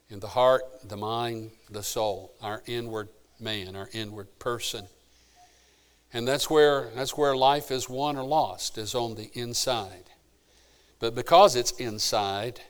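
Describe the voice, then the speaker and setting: A man preaching a sermon, moving from quiet storytelling to emphatic preaching. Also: medium pitch, smooth. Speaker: pastor.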